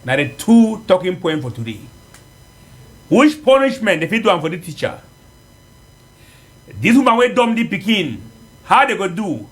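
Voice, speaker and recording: Lively Cameroonian Pidgin-speaking man. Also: sits high, normal speed, long pauses. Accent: Cameroonian Pidgin English. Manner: lively, chatty presenting with fillers. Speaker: news presenter and call-in host. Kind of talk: Pidgin English radio news and phone-in.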